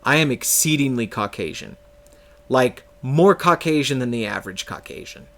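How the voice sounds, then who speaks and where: Streaming a game live, a Californian man from the United States spins loose, self-deprecating stories with frequent laughter. He has a mid-range, expressive voice and speaks at normal speed.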